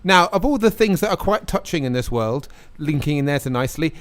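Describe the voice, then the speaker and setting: A man's voice: fairly high pitch, animated, fairly quick. A man hosting a local radio show, rambling and joking at his own expense in casual studio chat. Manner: rambling, self-mocking, jokey. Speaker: radio host.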